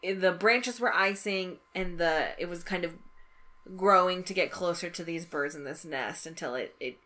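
A woman in casual conversation, quietly retelling scenes with quoted lines. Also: fairly low pitch, normal speed. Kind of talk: casual chat.

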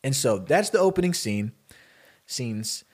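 A man in a casual podcast chat, spinning a story for his co-host. He slips into the characters' lines with quick, animated bursts, then drops back to his plain middle-pitched voice.

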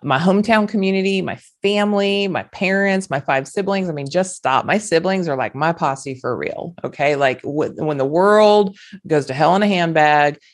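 A woman's voice: on the low side, normal speed. A woman, hosting a podcast and giving an earnest, emphatic motivational monologue with folksy asides. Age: 40s. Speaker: podcast host.

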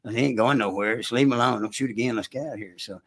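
An older man telling a hunting story in casual chat, with a folksy rural way of talking, animated when he acts out the shouting. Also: medium pitch, racing. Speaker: storyteller recounting hunting trips.

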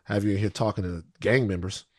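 A man's voice: lowish voice, fast. A man hosting a podcast in casual chat, ranting animatedly and swearing a lot. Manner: profane, animated ranting with repeated phrases. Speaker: podcast host.

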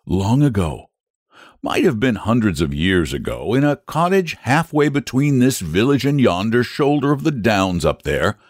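Low, expressive man reading a story. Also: breathy edge, no room sound, studio quality. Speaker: narrator.

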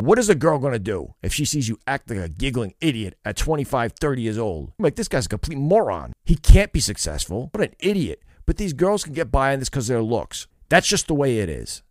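A man's voice: medium pitch, very animated, fairly quick, no echo, clean studio sound. A man giving blunt, scornful reaction commentary on street interview clips.

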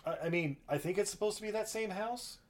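A man's voice: high voice, fairly quick. Rambling, profane man recapping a film. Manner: rambling, profane, acts out quotes. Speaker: podcast host recapping a film. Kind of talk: casual chat.

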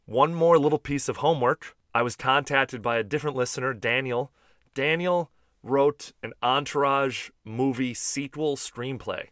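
Upbeat male podcast host, crisp dry sound. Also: medium pitch, moderate pace, fairly bright tone, no echo. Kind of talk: casual podcast chat.

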